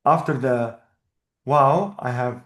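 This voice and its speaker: A man's voice: medium pitch, a bit bright. Patient male teacher, echoey room. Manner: patient, explanatory, repeats words slowly. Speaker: Arabic teacher. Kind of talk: one-on-one language lesson.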